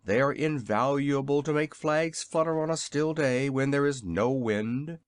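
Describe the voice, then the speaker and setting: A man's voice: mid-range voice, a little slow, clear, resonant tone, no echo, clean studio sound, voice pushed up, lightly acted. A man voicing a very old, polite male inventor in a storybook reading, with a courtly, eager manner.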